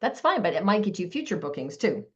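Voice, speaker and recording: A woman giving a live online sales training, talking fast with a lot of energy over a video call. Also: on the low side, sing-song, lo-fi sound.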